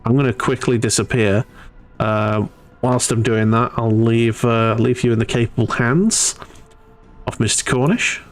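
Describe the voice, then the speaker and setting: Halting, casual man on a painting stream. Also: mid-range voice, fairly even intonation, faint music behind. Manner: halting, repeats words, laughs easily. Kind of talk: casual chat.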